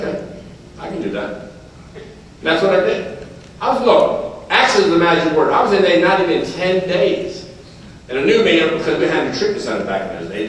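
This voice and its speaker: An American man with a slightly high voice shares his story at a recovery meeting in a plain, folksy way, acting out his sponsor's lines. He talks quickly, a habit he says keeps his stutter away. The sound comes from far off in a very echoey room with faint hiss and room noise behind. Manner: talks fast to avoid stuttering. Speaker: AA speaker. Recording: distant mic in echoey meeting hall.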